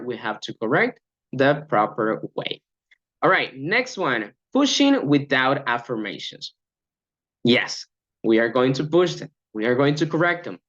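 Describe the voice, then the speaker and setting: Animated man giving a coach training. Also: a little high, lo-fi sound. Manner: animated, upbeat, acts out short classroom examples. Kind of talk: training lecture.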